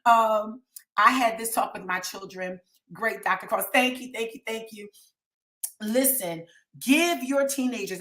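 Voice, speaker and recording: A woman's voice: medium pitch, measured pace, fairly bright tone, reverberant. A woman counselor, talking earnestly to viewers on a live stream and pleading with them to get help. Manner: earnest and pleading, reads out names from chat.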